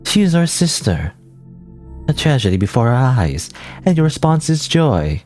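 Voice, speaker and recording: A man's voice: mid-range voice, big pitch swings, moderate pace, darkish tone, soft background music, natural voice. Man voicing an anxious, earnest nun. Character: troubled, pious young nun protagonist.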